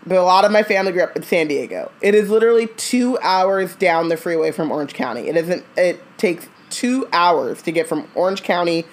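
A woman from Southern California, co-hosting a podcast in casual chat and ranting with animated asides. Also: fairly quick, hardly any pauses. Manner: animated, ranting, jumps into high mock voices. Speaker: podcast co-host.

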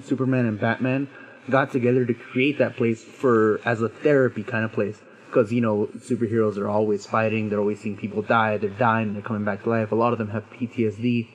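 A man's voice: medium pitch, low-quality recording. A young man in casual chat who keeps jumping in with objections. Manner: argumentative, jumps in with objections.

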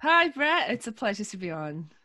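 A woman's voice: medium pitch, big pitch swings, moderate pace, bright, forceful tone, no room sound. A woman with a Liverpool accent, a podcast guest telling stories in a chatty way, laughing often and filling gaps with ums. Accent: Liverpool (Scouse). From Liverpool, England. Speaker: podcast guest, social engineer. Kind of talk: casual interview storytelling.

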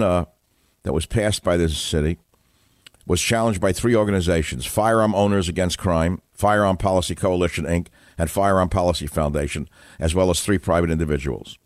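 A man's voice: deep voice, dry recording, studio quality. An older man hosting a talk show, rambling through opinionated asides and stories in a casual monologue. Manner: opinionated, digressive, scornful asides. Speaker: radio talk show host.

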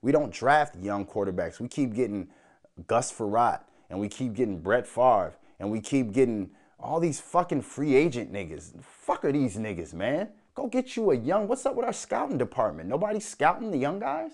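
A man's voice: a little high, very animated, a little fast. A man from Minnesota hosting a podcast, ranting angrily with constant swearing and mocking asides. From Minnesota, USA. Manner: loud, angry, swearing, mocking quoted voices. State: angry. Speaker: podcast host. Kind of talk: profane solo podcast rant.

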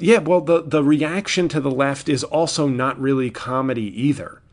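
A man's voice: mid-range voice, normal speed. A man, a comedian, talking alone in a rambling, exasperated way, restarting sentences often. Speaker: podcast host and comedian. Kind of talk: casual solo monologue.

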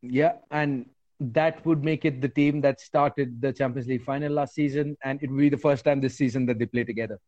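Measured man on a dull podcast line. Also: mid-range voice, fairly even intonation, dark tone, no echo. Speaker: podcast co-host. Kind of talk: casual football call-in chat. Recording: dull dry podcast audio.

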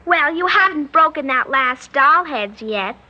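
A woman playing an eerie, polite little girl who is calmly menacing, in old-time radio drama style. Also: high-pitched, highs cut off. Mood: calmly sinister. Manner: sweet, prim and unhurried, chillingly calm. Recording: old radio broadcast, faint background hiss.

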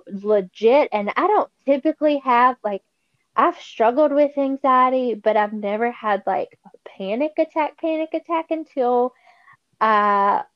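A woman guest on a podcast talks slowly, animatedly, and acts out the people she quotes. Her voice sits a little high, and the recording is a bit muffled and dry. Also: no room sound. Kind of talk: casual faith conversation.

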